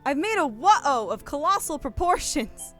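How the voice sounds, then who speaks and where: Excitable, cursing woman streamer. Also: high voice, a little slow, faint music behind. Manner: profane, excitable, apologetic. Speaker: streamer and co-host. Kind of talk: casual game commentary.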